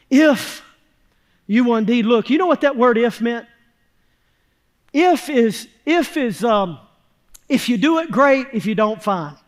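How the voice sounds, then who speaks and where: A man with a strikingly high voice preaches a fervent sermon in a church. He swings from shouted, urgent peaks down to hushed, quiet stretches, speaking in a folksy, down-home way. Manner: folksy Southern phrasing. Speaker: pastor. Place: church sanctuary.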